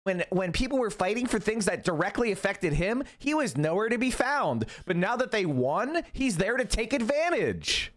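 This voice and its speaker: A man's voice: high-pitched, big pitch swings, normal speed, few pauses. A man in his thirties hosting a stream, ranting through heated, profane political commentary. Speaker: streamer host.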